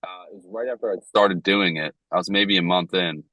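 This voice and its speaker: A man's voice: sits low, brisk, bright, forceful tone, no echo, poor audio. A man co-hosting a casual podcast, telling stories in a loose, profane way. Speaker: podcast co-host.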